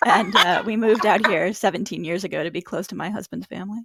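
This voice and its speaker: An American woman from Boston chats casually as an interview guest over a video call. She sounds wry and easygoing and slips in dry asides. Her voice sits at a middle pitch and comes through close and dry, with no room echo. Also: quick pace, creaky, a bit bright, slightly rough. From Boston, Massachusetts. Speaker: author and guest.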